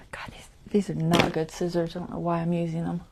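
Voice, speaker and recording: A woman's voice: lowish voice, completely flat delivery, normal speed, creaky, background noise. A woman hosting a casual craft tutorial livestream, chatty and self-deprecating, talking herself through each step and muttering half-whispered asides.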